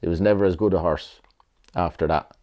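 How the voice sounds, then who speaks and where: A man's voice: low voice, fairly even intonation, a little fast, highs cut off. A middle-aged Irish man, a retired jockey, rambling through memories in a casual interview, repeating himself and swearing freely. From Ireland.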